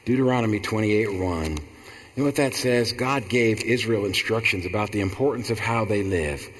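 A man's voice: on the low side, normal speed, in a large hall. A man preaching a sermon, emphatic and repetitive, with frequent stumbling restarts.

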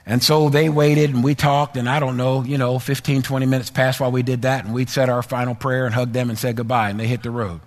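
A man's voice: mid-range voice, little pitch movement, brisk, hardly any pauses. A male pastor preaching a sermon, telling a personal story in a conversational way, then repeating phrases and building to emphatic exhortation. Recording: long hall reverb.

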